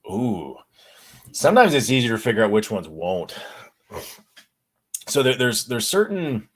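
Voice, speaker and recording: A man's voice: mid-range voice, sing-song, measured pace. A man answering audience questions at a conference, candid and self-deprecating, telling personal stories with frequent restarts.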